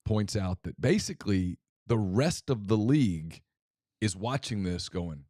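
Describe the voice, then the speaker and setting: A man with a fairly low voice co-hosts a casual sports talk podcast. He talks bluntly and emphatically. The sound is dry and close, with no room around it. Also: expressive, dark tone, dry recording. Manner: blunt, emphatic, reads quotes aloud slowly. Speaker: podcast co-host.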